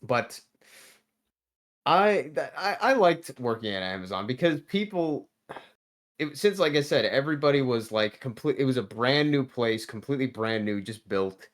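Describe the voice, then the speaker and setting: A man's voice: medium pitch, animated, normal speed. A man in his thirties telling a work story in casual podcast chat, laid-back, swearing constantly and restarting his sentences. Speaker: podcast guest.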